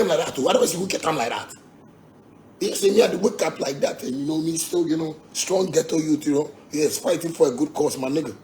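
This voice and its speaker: A man's voice: fairly high pitch, vocal fry, darkish tone, a little hiss or hum. Combative man with Ghanaian Pidgin accent. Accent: Ghanaian Pidgin English. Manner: combative, repetitive, swearing, laughing asides. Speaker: musician. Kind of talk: heated rant to fans.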